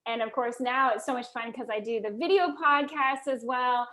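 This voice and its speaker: High-voiced woman telling an animated story. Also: normal speed. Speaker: real estate radio host. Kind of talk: storytelling interview guest.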